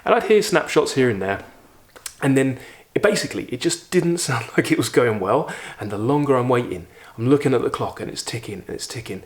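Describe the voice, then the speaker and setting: A man's voice: medium pitch, lively intonation, fairly quick. A man, vividly retelling a personal story in a casual video, with frequent fillers. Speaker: YouTube host. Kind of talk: storytelling vlog.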